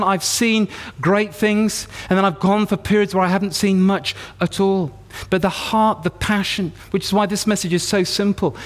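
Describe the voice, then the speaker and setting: A man preaching a sermon, telling a story and rising into fervent, repeated declarations and quoted prayers. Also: high-pitched.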